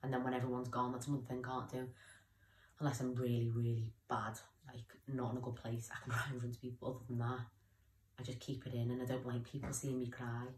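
A woman's voice: very deep voice, level tone, fast, a little mellow, reverberant. A young woman talking candidly in a personal vlog, rambling and often losing her train of thought. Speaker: vlogger.

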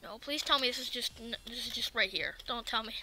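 Excitable high-voiced woman gaming. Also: fast, slight background noise. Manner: excitable, swears and talks to the game enemies. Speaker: gaming video creator. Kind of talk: casual let's-play commentary.

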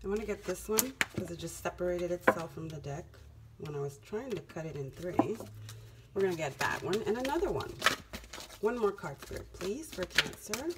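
A woman's voice: on the low side, big pitch swings, normal speed, heavy background noise. A woman giving a casual tarot reading, emphatic and repeating phrases for effect. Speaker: tarot reader.

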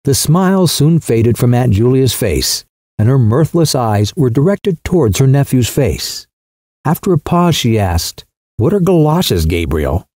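A man's voice: mid-range voice, expressive, measured pace, darkish tone, no room sound, studio quality. A man narrating a literary short story as an audiobook, shifting his voice for the characters.

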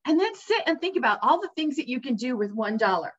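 A woman's voice: high-pitched, very animated, fast talker. A woman speaking directly to the viewer in a motivational talk, upbeat and emphatic, coaching the listener along. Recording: dull lo-fi sound.

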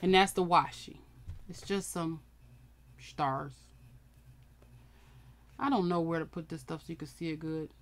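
A woman's voice: low-pitched, a little slow, pauses often. A woman with chatting casually to viewers while unboxing a crafting kit. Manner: chatty, talks to viewers and camera. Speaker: crafting vlogger.

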